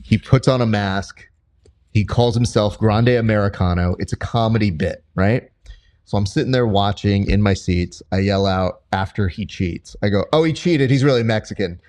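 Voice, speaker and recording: A young man hosting a casual interview podcast, telling stories in an animated way and jumping high in pitch when he quotes people. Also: normal speed. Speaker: podcast host and combat sports commentator.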